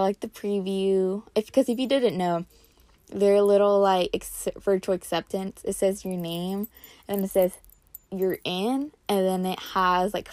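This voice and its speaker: In a dry recording, a young woman about to start college speaks in a mid-range, darkish voice. She recounts a personal story for a casual vlog, talking chattily and saying "like" a lot.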